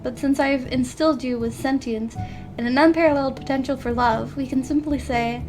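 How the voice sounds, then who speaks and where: Brief: a woman reading as a stern, proper male inventor, formal and clipped, voiced in a high register. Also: fairly even intonation, brisk, over music, close to an everyday voice. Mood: gentle, formal. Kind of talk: reading a visual novel aloud.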